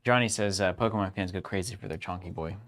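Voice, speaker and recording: A man's voice: deep voice, fast, fairly bright tone. A young adult man co-hosting a livestream, joking around and greeting chat viewers as he chats casually. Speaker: stream co-host.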